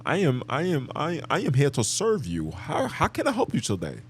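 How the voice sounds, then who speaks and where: A man's voice: on the high side, huge pitch swings, moderate pace, a little hiss or hum, voice pushed up. A man voicing an overly polite male call center agent who reads a formal customer-service script. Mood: stiffly polite.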